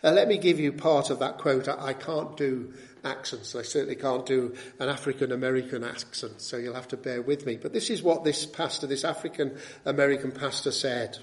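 A man's voice: mid-range voice, fairly even intonation, fairly quick. A man preaching a sermon, emphatic, who drives points home with rhetorical tag questions and repeated key words.

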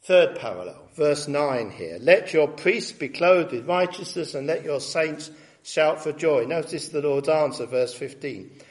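A man preaching an expository sermon, reading scripture aloud with rising emphasis and stressing key words slowly. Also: fairly high pitch, animated. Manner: reads scripture aloud with rising emphasis, then comments plainly.

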